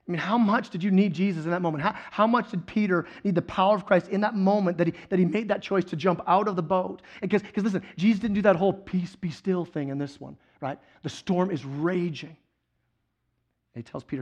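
A male guest preacher delivering a sermon, telling the story with animated swings between loud excitement and quiet intensity. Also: high voice, quick pace, lo-fi sound.

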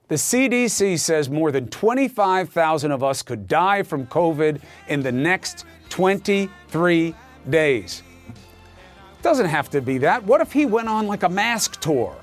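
A male news anchor delivering an emphatic, sarcastic opinion monologue in a studio. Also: high-pitched.

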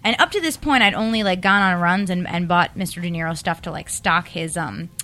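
A woman guest telling animated stories in casual chat, acting out quoted phone calls. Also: fairly low pitch, fairly quick.

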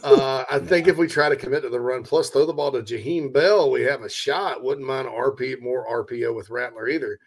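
A man's voice: medium pitch, a little fast, few pauses. A man from South Carolina with an Upstate accent, hosting a casual sports talk show and reading listener comments in a chatty, self-mocking way.

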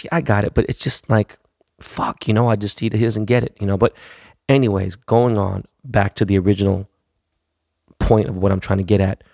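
A man's voice: on the low side, creaky, dark tone, dry recording, clean studio sound. A man in his thirties from the US West Coast, hosting a podcast in a blunt, profane, rambling monologue. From United States, West Coast. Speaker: podcast host. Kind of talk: casual monologue.

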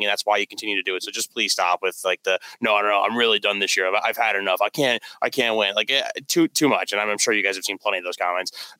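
A man co-hosting a podcast, speaking earnestly and haltingly with many fillers. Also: lowish voice, bright, forceful tone, clean tone, dry recording, low-quality recording. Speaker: podcast co-host. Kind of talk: casual podcast chat.

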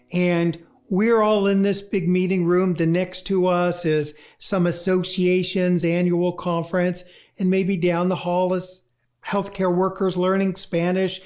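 A grief lecturer giving a talk, speaking conversationally and acting out inner voices in quick asides. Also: mid-range voice, a little mellow. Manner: conversational, with fillers. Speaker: grief lecturer and workshop leader. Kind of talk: talk on grief and positive thinking.

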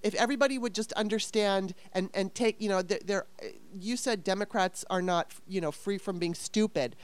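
Woman co-host, fired-up and exasperated, swears freely; smooth, dry recording. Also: mid-range voice, no echo. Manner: fast, exasperated venting with frequent profanity. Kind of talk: heated casual conversation.

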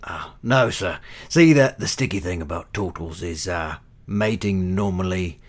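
A man voicing a wry turtle adventurer who rambles and hesitates as he talks. His voice is deep and low in a tabletop game. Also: unhurried. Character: hungry, wisecracking male turtle adventurer seeking vengeance.

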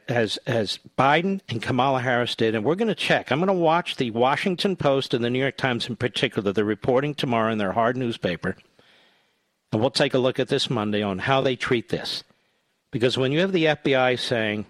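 A man hosting a call-in radio talk show, combative and jokey, working himself up to loud outrage. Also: medium pitch, dry recording. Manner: joking, self-mocking banter.

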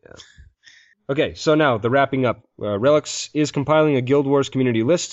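A man's voice: mid-range voice, fairly quick, no echo. A man hosting a casual podcast, rambling and laughing as he reads listener mail. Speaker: podcast host. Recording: dull lo-fi podcast mic.

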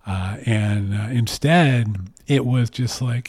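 A man sharing a personal story from his office in a relaxed, candid way, full of fillers and restarts. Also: mid-range voice, takes it slowly, breathy edge, no room sound. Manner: chatty, self-deprecating, many fillers and restarts. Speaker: interview guest.

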